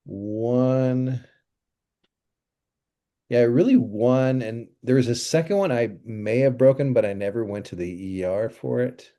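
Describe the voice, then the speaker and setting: A man's voice: medium pitch, measured pace, mellow. A man who is a pastor, hosting a podcast in easygoing casual chat and rambling through stories. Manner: easygoing, chuckles, rambling storytelling.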